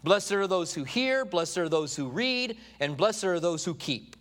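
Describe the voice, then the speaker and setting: A man preaching a sermon from a study, animated, retelling stories and acting out the voices. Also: high-pitched, unhurried. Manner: animated storytelling, acts out quoted voices.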